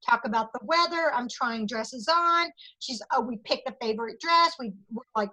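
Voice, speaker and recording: A woman's voice: high voice, normal speed, hardly any pauses, pushed and bright, low-quality recording. A woman with a Southern US accent running a sales training, upbeat and acting out customer chats. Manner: upbeat, role-plays customer chat with quoted lines. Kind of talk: training talk to a sales team.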